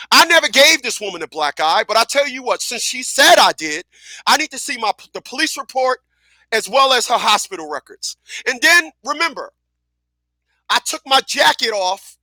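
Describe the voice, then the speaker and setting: Radio host, man, high bright voice, emphatic and profane, dry booth. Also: dry recording. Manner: blunt, emphatic, profane, repetitive. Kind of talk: casual talk radio monologue.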